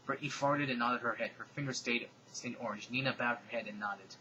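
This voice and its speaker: A man giving a comedic, dramatic reading of fan fiction, with deadpan, sarcastic asides. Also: medium pitch, fairly quick, highs cut off, a little hiss or hum.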